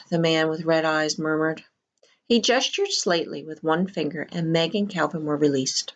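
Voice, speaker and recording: A woman reads a novel aloud, one chapter at a time. Her narration is measured and expressive. Her voice sits somewhat low. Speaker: teacher reading aloud.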